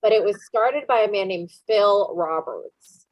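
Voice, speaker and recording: A woman hosts a podcast in relaxed, casual chat, joking and tossing out playful questions. Her middle-pitched voice sounds dry and close. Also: a little slow, dry recording, dull audio. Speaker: podcast host.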